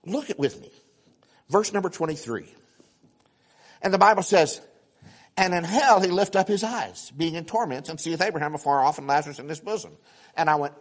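A man preaching a sermon, telling stories with animated acted-out exclamations and quick repeated starts. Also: sits high. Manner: animated, acts out voices and exclamations, frequent repeated words. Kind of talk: sermon storytelling.

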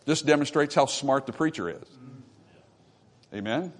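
With an animated delivery at a measured pace, a pastor with a medium-pitched voice preaches from the pulpit. He leans on repetition to stress phrases and calls out "amen" to the people in the pews.

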